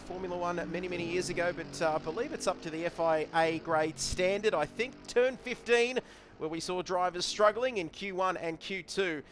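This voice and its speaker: A man's voice: high-pitched, noisy background. A man, commentating a sim race on a headset and chatting with viewers. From Australia. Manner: upbeat, chatty, reads out viewer messages.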